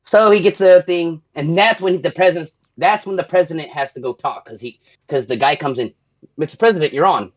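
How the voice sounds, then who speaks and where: Male podcast host, casual rambling recap, somewhat high voice, muffled lo-fi sound. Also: brisk. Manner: rambling, loose retelling with quoted lines and curse words. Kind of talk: casual movie recap chat.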